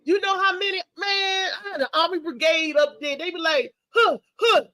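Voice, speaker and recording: A woman hosting a casual talk show, telling stories with lively slang and laughter. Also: extremely high pitch, brisk, dry recording. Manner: animated storytelling, laughing, slangy. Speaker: show host.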